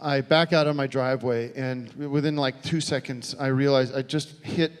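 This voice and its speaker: An American man doing a stand-up comedy set on a theater stage, talking in a halting, deadpan way full of restarts. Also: mid-range voice, clean tone. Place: theater stage before a live audience. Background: audience laughter.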